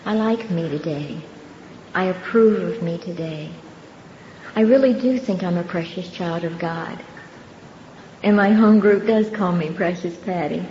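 An older woman giving her personal testimony at a recovery meeting, telling her story earnestly and unhurriedly with pauses and soft laughs. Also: on the low side. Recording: dull, roomy hall recording with faint background noise.

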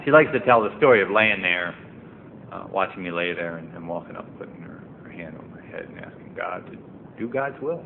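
Deep-voiced with vocal fry and lively intonation, a man speaks fairly quickly in a meeting room, telling his personal recovery story. He's earnest, climbing into emphatic, impassioned passages, on a tinny, phone-like recording with faint noise.

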